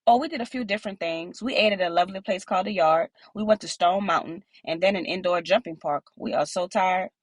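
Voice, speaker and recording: A woman's voice: on the low side, fairly quick, few pauses, no room sound, studio quality, lightly acted. A woman voicing a hot-headed young man with cocky, taunting street talk. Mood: casual.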